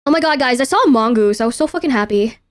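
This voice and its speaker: A woman's voice: on the high side, lively intonation, quick pace. A young woman streaming casually to her chat, talking through photos in a playful, self-interrupting way and swearing freely. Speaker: VTuber streamer.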